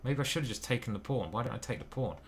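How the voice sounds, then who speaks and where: A man's voice: mid-range voice, animated, racing, slight background noise. Man muttering through chess moves. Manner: muttering move by move, hesitant self-questioning. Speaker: chess grandmaster commentating his own games. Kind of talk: thinking aloud while playing online chess.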